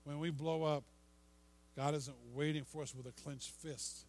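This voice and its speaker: A man's voice: fairly high pitch, fairly even intonation, a little slow, rough recording. Older male preacher with faint hum. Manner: rhetorical questions, repeats words, drops to soft hush on "gentle whisper". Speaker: pastor. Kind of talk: sermon.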